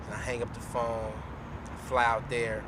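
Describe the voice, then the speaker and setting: A young man recounting a personal story in slangy, heartfelt casual talk, halting and repeating himself. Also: medium pitch, little pitch movement. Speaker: podcast guest. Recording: noisy traffic in background.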